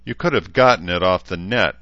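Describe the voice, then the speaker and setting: A man's voice: sits low, fairly quick, sharp tone, no room sound, highs cut off. A man voicing a stern, coldly professional mother, clipped and disapproving.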